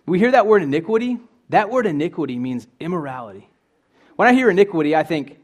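A man's voice: fairly high pitch, very animated, quick pace. A young man preaching a sermon in an earnest, conversational way, asking his listeners questions.

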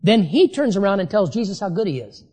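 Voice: medium pitch, very animated, darkish tone, slightly rough. Emphatic preacher in a reverberant hall. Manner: emphatic, slows down to stress key phrases. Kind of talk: sermon.

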